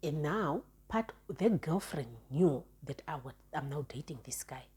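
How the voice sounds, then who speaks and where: A woman's voice: sits low, lively intonation, a little slow, warm tone, slightly rough. A young woman telling a personal relationship story in a chatty, frank way, often restarting and repeating words. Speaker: storytime vlogger. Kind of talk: casual storytelling monologue.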